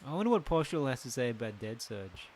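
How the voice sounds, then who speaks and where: A man's voice: mid-range voice, sing-song, fast talker, a little mellow, a little hiss or hum. A man casually commenting as he plays a video game, chatting to his viewers and joking along. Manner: chatty, talks to viewers, jokes and laughs. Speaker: gaming channel host. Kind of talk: casual let's play commentary.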